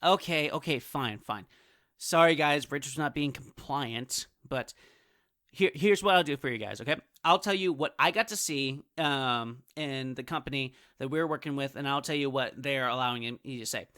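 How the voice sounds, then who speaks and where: A man's voice: medium pitch, normal speed, bright, forceful tone, no room sound, studio quality. A man hosting a comedic in-character podcast, rambling and often breaking into laughter. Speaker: podcast host.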